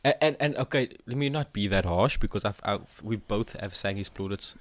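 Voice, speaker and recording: A man's voice: on the low side, moderate pace. A man co-hosting a casual football podcast, arguing his points and cutting in with "listen" and "look". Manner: argumentative, interjects with "listen" and "look". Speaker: podcast co-host.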